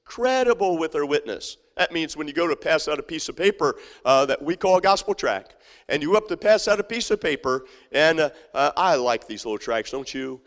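A man's voice: fairly high pitch, animated, fairly quick, a bit bright. A male pastor preaching a sermon, emphatic and repetitive, with frequent fillers and restarts. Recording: long hall reverb.

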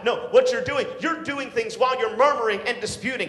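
Man, youth pastor, high voice, sermon with call-and-response, echoey church hall. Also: brisk, few pauses. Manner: preaching with call-and-response, swinging from shouts to hushed tones. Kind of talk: sermon to teenagers. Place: church sanctuary.

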